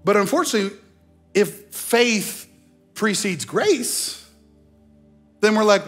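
A man preaching a sermon as pastor, animated, slowing down to stress key phrases and slipping into mock voices. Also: sits high, soft background music. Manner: slows down for emphasis on key phrases. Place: church sanctuary.

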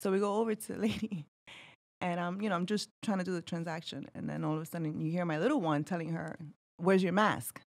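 A woman's voice: on the low side, little pitch movement, fast, gravelly, a little mellow. A woman in her thirties, a podcast guest telling stories in casual chat, laughing often.

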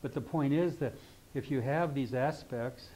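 A man's voice: mid-range voice, normal speed, mellow, a little hiss or hum, poor audio. An older man teaching an astrology class, talking informally, rambling into asides and checking in with the class. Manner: conversational, keeps checking in with "okay?".

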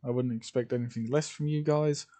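A man's voice: mid-range voice, fairly even intonation, a little fast, mellow, lightly acted. A man voicing a blunt female scavenger boss. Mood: commanding. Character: commanding female scavenger leader.

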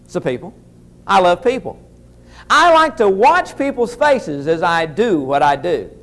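A man's voice: high voice, very animated, measured pace, a bit bright. A man telling a humorous story in a keynote speech, talking to his audience in a folksy way. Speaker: motivational speaker.

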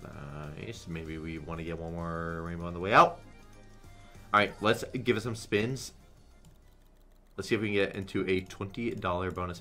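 Casting: young male streamer, deep voice, hype slot commentary, faint music behind. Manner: excitable, swears a lot, chants "come on". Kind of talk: live gambling commentary.

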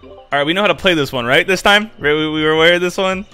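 A young man streaming a game live, excitable and swearing, swinging from loud outbursts to muttering. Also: fairly high pitch, fast talker, clear, resonant tone, faint music behind. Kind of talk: live-stream gaming chat.

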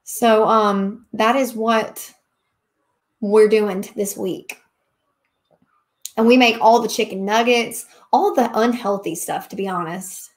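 A woman's voice: mid-range voice, fairly even intonation, slow pace. A woman, chatting casually while hosting a live question-and-answer stream and laughing often. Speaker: livestream host, craft seller.

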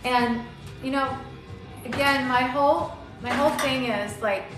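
Loud background music and an echoey room surround a high-pitched woman speaking at a measured pace. She cooks on a live stream, casually flirting, greeting viewers by name, and is from Arizona and Maui.

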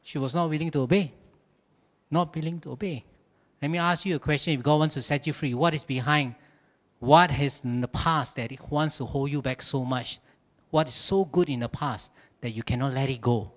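A man preaching a sermon at a church service, telling his points as animated, humorous stories. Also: mid-range voice, moderate pace. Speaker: pastor.

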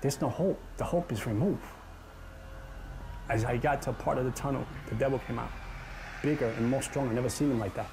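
A man's voice: medium pitch, fairly quick, creaky, pauses often, noisy background. A man giving an earnest, dramatic personal testimony about his past. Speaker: testimony speaker. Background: music.

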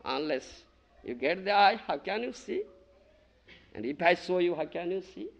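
A man's voice: high-pitched, animated, moderate pace, vocal fry, lo-fi sound. A man from India giving a devotional lecture, emphatic and questioning, often asking his listeners if they understand and chanting verses, in a 1990 archive recording. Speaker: spiritual teacher giving a lecture. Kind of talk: devotional lecture to a small gathering.

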